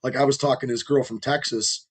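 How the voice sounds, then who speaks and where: A man with a rough, strained voice, hosting a podcast and telling long, rambling, profane stories in casual chat. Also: mid-range voice, steady tone, fast talker. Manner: rambling storyteller, heavy swearing. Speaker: podcast host.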